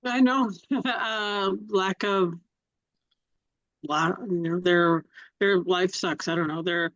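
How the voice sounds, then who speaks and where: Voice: medium pitch, slow pace, fairly bright tone, dry recording. A participant answering on a video call, hesitant and searching for words. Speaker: webinar participant. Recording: dull lo-fi call audio.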